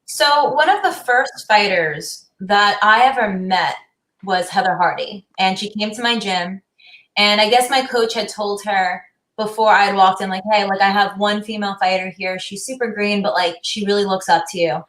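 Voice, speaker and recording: A woman boxer talks as a guest on a chat show, telling a story in an earnest, relaxed way. Her voice carries a clear room echo. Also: medium pitch, normal speed. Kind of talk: casual storytelling. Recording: roomy echo.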